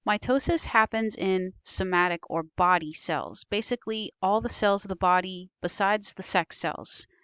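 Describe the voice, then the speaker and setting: A woman's voice: mid-range voice, moderate pace, few pauses, fairly bright tone, clean tone, no room sound. A woman teaching biology over slides, explaining patiently with occasional ums and self-corrections. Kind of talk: recorded slide lecture.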